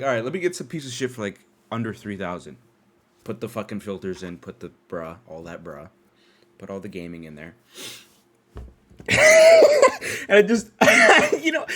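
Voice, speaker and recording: Profane, animated young man telling stories. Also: fairly quick, a little hiss or hum. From Canada. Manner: profane, animated, laughing storyteller with big pitch jumps. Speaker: podcast host. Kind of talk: casual storytelling monologue.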